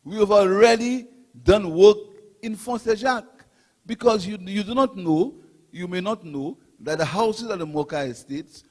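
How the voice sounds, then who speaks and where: A man's voice: high-pitched, unhurried, darkish tone, big-room sound. A middle-aged man from Saint Lucia with a Saint Lucian accent, giving an impassioned rally speech as guest speaker with repetition and swings of emphasis. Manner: impassioned, repetitive oratory with rising and falling emphasis.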